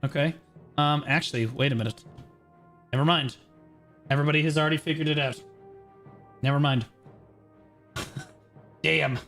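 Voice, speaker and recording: A man's voice: fairly high pitch, fairly even intonation, a bit bright, soft background music. A man streaming live, walking viewers through a game gearing guide in a brash, profane, casual way, tagging his points with "okay". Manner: brash, profane, explains in quick bursts with many "okay"s. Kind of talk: casual livestream commentary.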